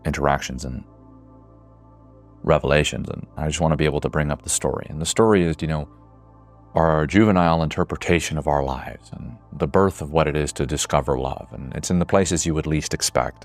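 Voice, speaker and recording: A man in his twenties giving an earnest, reflective monologue, swearing casually at times. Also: a bass voice. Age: 20s. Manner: earnest, builds to emotional intensity. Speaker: speaker.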